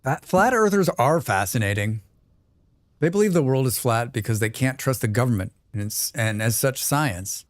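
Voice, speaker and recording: Man, stream host, chatty and joking, reads chat out loud, dry close mic. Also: medium pitch, expressive, normal speed, dry recording. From Canada. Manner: joking, reads chat aloud, rambling asides. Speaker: livestream host. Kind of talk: casual livestream chat while gaming.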